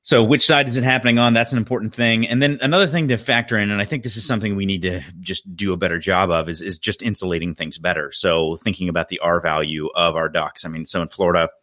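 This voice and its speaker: A very low, forceful male voice delivers a practical HVAC explanation, often pausing to correct his own wording. The sound is dry and close, with no room echo. He talks like a contractor sharing field experience on a podcast. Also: fairly even intonation. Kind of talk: podcast technical talk.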